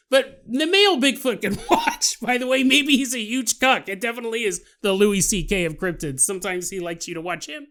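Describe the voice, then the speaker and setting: A man's voice: high voice, expressive, moderate pace, a bit bright. A man hosting a podcast, riffing through a comedic monologue and laughing often as he acts out silly scenes. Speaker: podcast host.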